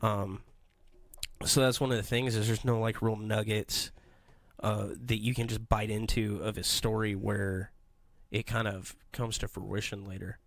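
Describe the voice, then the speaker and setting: A man hosting a podcast, telling stories in an animated, rambling way in a casual comedic chat. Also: on the low side, unhurried, no room sound. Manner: animated, rambling storytelling with voices. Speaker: podcast host.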